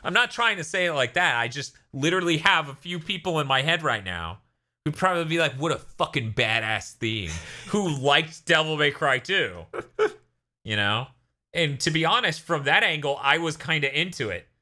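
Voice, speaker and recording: A man co-hosting a casual gaming podcast, animated, often laughing and slipping into silly voices. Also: a little high, moderate pace. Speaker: podcast co-host.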